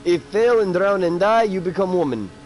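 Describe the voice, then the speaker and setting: Guy putting on a silly mock foreign accent, bragging deadpan in broken english, highish voice that swings up and down. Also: normal speed, soft background music, poor audio. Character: boastful man from a far-off land, broken English.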